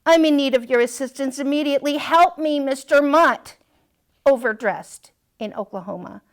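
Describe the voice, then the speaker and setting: A woman's voice: high voice, normal speed, voice pushed up, close to an everyday voice. A woman reading a picture book aloud, voicing an embarrassed pet dog forced into costumes, indignant and pleading. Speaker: storytime reader.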